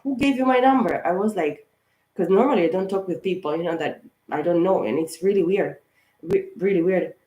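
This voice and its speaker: A woman's voice: lowish voice, fairly quick, mellow. Chatty woman reader in an echoey room. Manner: chatty, rambling, repeats "of course" and "guys", gets worked up. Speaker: tarot reader and channel host. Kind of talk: casual astrology reading to camera.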